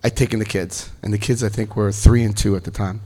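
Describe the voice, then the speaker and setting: Animated man in his fifties telling his story. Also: fast. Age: 50s. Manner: animated storyteller, jokes and acts out quotes in a high voice. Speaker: speaker at a recovery meeting. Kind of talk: personal testimony to an audience.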